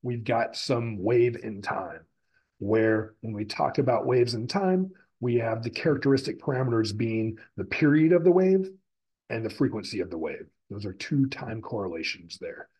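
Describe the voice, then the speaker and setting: A man's voice: mid-range voice, lively intonation, normal speed, a little mellow, husky, low-quality recording. A man lecturing on the physics of sound, explaining step by step and restating terms as he goes. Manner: explanatory, repeats and rephrases terms. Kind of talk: recorded classroom lecture.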